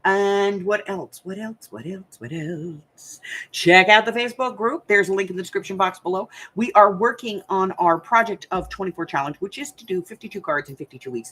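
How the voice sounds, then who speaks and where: A woman's voice: medium pitch, fairly bright tone, breathy edge. An older woman from the United States hosting a crafting channel, chatting casually and rambling to her viewers while she thinks aloud.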